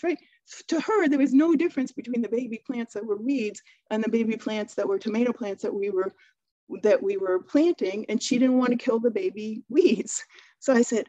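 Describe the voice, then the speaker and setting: A middle-aged woman from Maine gives a talk, telling stories casually and acting out dialogue. Her voice is mellow and warm. The sound is dry and a little dull. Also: on the high side, lively intonation, moderate pace, no echo. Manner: chatty storytelling, acting out dialogue. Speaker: speaker. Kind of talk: webinar talk.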